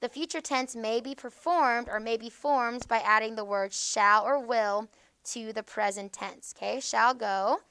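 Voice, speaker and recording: Teaching grammar, this woman speaks in a crisp, bright, slightly high voice for a woman. Almost every point ends with a check-in "okay?", and she reads each example phrase slowly with stress. The sound is close and dry, without any room echo.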